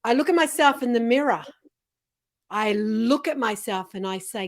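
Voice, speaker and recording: A woman hosting an interview, speaking expressively and acting out quotes in a softer voice. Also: a little high, expressive, moderate pace. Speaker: host. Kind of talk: heartfelt interview conversation.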